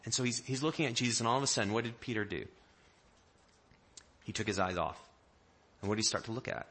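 A man preaching a sermon with a bright, ringing voice. He tells the story like a lively storyteller, jumping into the voices of the people in it. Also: on the low side, fast, pauses often, breathy edge. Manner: animated storyteller, acting out quotes in varied voices. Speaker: pastor.

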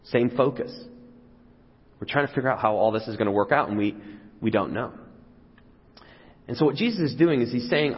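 Husky pastor preaching in a reverberant hall. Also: male voice, mid-range voice, lively intonation, normal speed, long pauses. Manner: conversational, acts out voices of the crowd. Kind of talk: sermon. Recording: dull sound with long hall reverb.

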